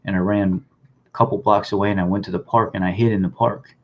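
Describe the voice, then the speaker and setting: A man telling his own life story in a halting, plain-spoken way, often repeating words as he goes. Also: on the low side, fairly even intonation, slight background noise. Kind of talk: personal storytelling, reading news clippings aloud. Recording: dull, lo-fi sound.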